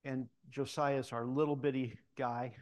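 A man's voice: medium pitch, level tone, normal speed. A middle-aged man preaching a sermon, telling personal stories and acting out the voices of people he quotes. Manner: storytelling, acts out voices in quoted lines.

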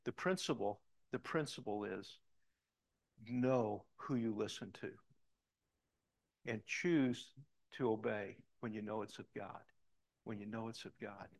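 A middle-aged man preaching a sermon, telling a story in an animated way and dropping to soft emphasis on key points. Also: fairly low pitch, slow pace, vocal fry, pauses often. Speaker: pastor.

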